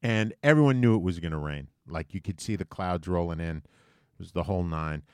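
A man's voice: deep voice, fairly quick, darkish tone, smooth, dry recording, studio quality. Man casually telling a rambling story. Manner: rambling, self-mocking, with fillers. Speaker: podcast co-host. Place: basement studio. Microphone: large studio microphone.

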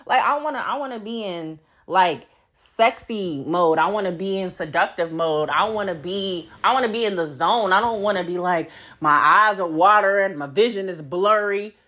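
A woman's voice: mid-range voice, moderate pace, hardly any pauses. A woman hosting a casual podcast monologue, blunt and profane, laughing often as she talks. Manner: animated, swooping delivery. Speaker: podcast host.

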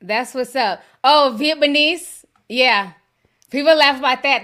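A woman whose first language is Yoruba, hosting a livestream podcast in casual chat and reading viewer messages, talking in a chatty, animated way with frequent laughs. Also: fairly high pitch, measured pace. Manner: chatty and animated, laughs often, slangy asides.

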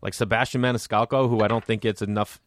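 A man's voice: fairly low pitch, quick pace. A man, a stand-up comedian, telling stories in casual podcast chat and acting out the voices of people he quotes. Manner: animated, acts out quoted voices.

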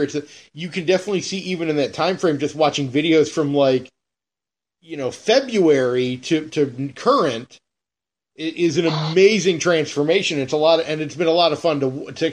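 A man's voice: a little high, moderate pace. A man interviewing a guest, rambling with loose sentences and restarts. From Florida, US. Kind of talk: conversational interview.

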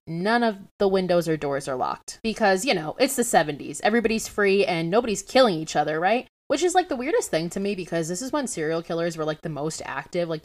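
A young woman hosting a podcast, recapping a horror film in a casual, profane and sarcastic storytelling manner. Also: fairly low pitch. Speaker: podcast host.

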